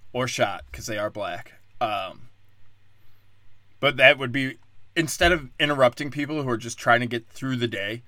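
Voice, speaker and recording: Podcast host, male, profane sarcastic ranter with a forceful bright tone and a dry sound. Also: mid-range voice, dry recording. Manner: crude, profane, sarcastic ranting. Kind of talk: comedic rant monologue.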